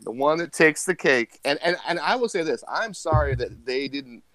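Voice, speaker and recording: A man's voice: a little high, animated, normal speed, a loud crowd, low-quality recording. A man, a podcast guest, chatting casually about a horror film in a giggly, rambling way.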